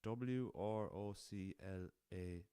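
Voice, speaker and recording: Deep-voiced Irish man telling yarns. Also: slow, warm tone, clear, resonant tone, no room sound, clean studio sound. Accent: Irish, west of Ireland. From Ireland. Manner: rambling anecdotal, swears freely, chuckles. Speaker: podcast host. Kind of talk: casual storytelling.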